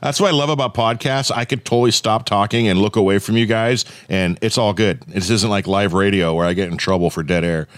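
A man's voice: fairly low pitch, a little fast, hardly any pauses, dry recording. A middle-aged man hosts a podcast, telling stories in an easygoing way with loose repeats and casual swearing. The recording is dry and close, with no room sound. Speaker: podcast host. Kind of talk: casual chat.

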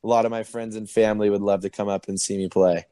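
Young guest, relaxed, mellow and dry, lots of "like" fillers, on a video call. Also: male voice, fairly low pitch, fast talker, no room sound. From Oceanside, California. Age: 20s. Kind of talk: casual interview.

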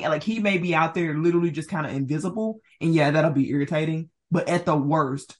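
A woman co-hosting a sports podcast in casual chat, talkative and laughing often. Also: deep voice. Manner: chatty, laughs often, hedging with "like". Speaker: podcast co-host.

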